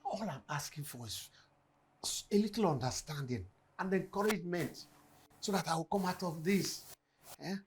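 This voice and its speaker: An actor with a Nigerian accent playing a sick, struggling husband who pleads with his wife for understanding, with soft music under him. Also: sits high, lively intonation, moderate pace, a little hiss or hum. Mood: pleading. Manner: pleading, wounded. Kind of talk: film drama acting.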